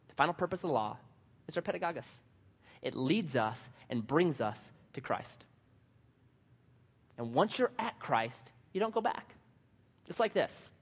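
A man's voice: on the high side, big pitch swings, measured pace, long pauses, slightly rough. Man, pastor, sermon, humorous emphatic storytelling, long echo in a church hall. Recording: dull sound, long hall reverb.

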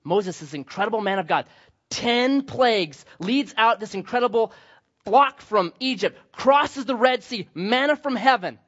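A man's voice: high-pitched, expressive, a little slow, a bit bright. A young man preaching a sermon as pastor, telling stories with humor and acting out the voices. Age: young adult. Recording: slightly dull lo-fi sound.

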